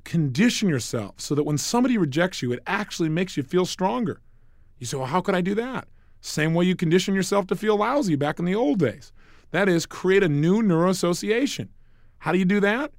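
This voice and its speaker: A man's voice: sits high, lively intonation, a little fast, no echo, studio quality. A middle-aged man giving a punchy, emphatic motivational talk as a coach-like speaker.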